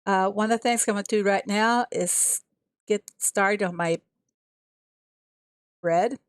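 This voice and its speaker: A woman's voice: medium pitch, unhurried, no echo. Chatty woman streamer, dry close sound. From USA. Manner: chatty, talks to herself and reads chat aloud. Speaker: game streamer. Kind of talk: casual live-stream commentary.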